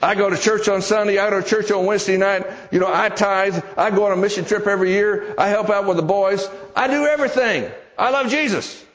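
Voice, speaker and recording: A man acts out a worn-down man buried in debt who protests that he does everything right. His voice climbs higher and higher as he insists. The sound is dull and lo-fi. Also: fairly quick, close to an everyday voice. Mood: indignant. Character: discouraged indebted man insisting on his faith.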